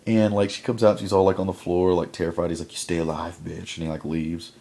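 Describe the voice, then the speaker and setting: A man's voice: deep voice, fast, mellow. A young adult man casually vlogging a film review at home at night, rambling with constant fillers. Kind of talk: casual chat. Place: home at night before bed.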